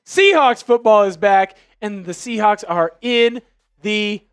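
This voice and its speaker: High-voiced excitable football stream host. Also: male voice, takes it slowly, clear, resonant tone, no echo, clean studio sound. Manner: energetic, jokey, shouts on scores. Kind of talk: excited live game commentary and chat. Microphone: headphones with mic.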